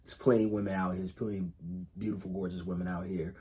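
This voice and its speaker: A man's voice: deep voice, little pitch movement, fast talker, mellow, a little hiss or hum. A man co-hosting a podcast in casual chat, laid-back and emphatic, swearing freely and repeating phrases to drive a point home. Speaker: podcast co-host.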